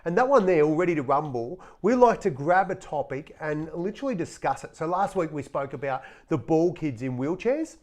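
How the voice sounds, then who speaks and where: Cheeky Australian bloke, higher voice. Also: male voice, very animated, brisk, hardly any pauses, a little mellow. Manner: blunt, cheeky, swears casually. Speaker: podcast co-host. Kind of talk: casual banter.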